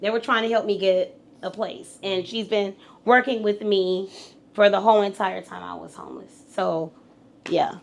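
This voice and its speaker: A middle-aged woman telling her story on a podcast in a casual, animated, profane way, acting out the voices of the people in it. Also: medium pitch, normal speed, creaky, a little hiss or hum. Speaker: guest.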